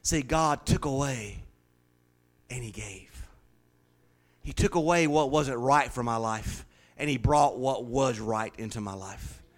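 A man preaching a sermon as pastor, swinging from loud, rising declarations to hushed, confiding stories. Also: mid-range voice, a little slow.

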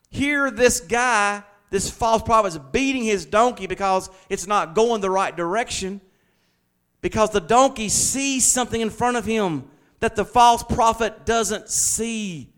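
A man's voice: sits high, fairly bright tone. A man preaching a sermon, reading scripture and building fervently into proclamations. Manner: reads scripture aloud.

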